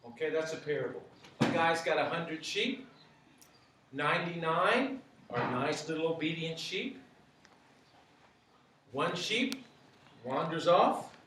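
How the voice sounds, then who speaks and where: A man's voice: a little high, expressive, takes it slowly, long pauses, background noise. A man teaching a group, asking many rhetorical questions and repeating phrases. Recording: very echoey, from far off.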